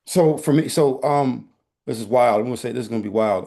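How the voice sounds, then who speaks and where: Speaking at medium pitch and a little quickly, a man who works as a teaching artist joins a casual chat as a guest. His storytelling is animated, candid and playful.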